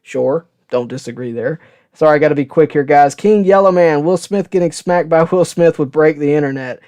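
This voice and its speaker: A man's voice: on the high side, normal speed, darkish tone. A man hosting a live sports show, chatting casually with viewers and telling stories with lots of "uh" and "okay?". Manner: casual, rambling storyteller with frequent "uh" and "okay?". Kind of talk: live-stream chat answering viewer questions.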